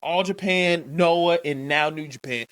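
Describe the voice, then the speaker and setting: A woman's voice: sits low, measured pace. A woman co-hosting a wrestling podcast, talking bluntly and animatedly and swearing freely. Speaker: podcast co-host. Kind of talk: casual chat.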